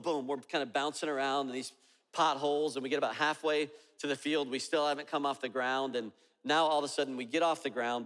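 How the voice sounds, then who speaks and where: A male pastor preaching, telling a story in an animated way and voicing each person in it. His voice is mid-pitched and rings with the long reverb of a large hall. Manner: animated storyteller acting out dialogue. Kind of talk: sermon storytelling.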